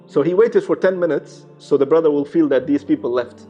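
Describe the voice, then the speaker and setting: A man's voice: fairly high pitch, fairly quick, mellow. Man telling a true story, slightly muffled. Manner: conversational, many fillers and restarts, sprinkled with Arabic phrases. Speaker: religious storyteller. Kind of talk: casual storytelling with acted quotes. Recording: slightly muffled, faint music behind.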